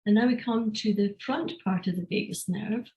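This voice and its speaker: A woman teaching a live online class, calmly explaining and guiding a breathing exercise. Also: mid-range voice, low-quality recording. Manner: calm, measured explanation. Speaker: energy health teacher. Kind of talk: online lecture with guided breathing.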